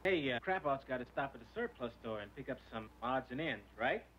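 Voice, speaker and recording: An actor playing a cocky biker gang member who banters quickly in 1960s film dialogue. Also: male voice, medium pitch, lively intonation, fairly bright tone, close to an everyday voice. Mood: bantering. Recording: dull old film soundtrack with hiss.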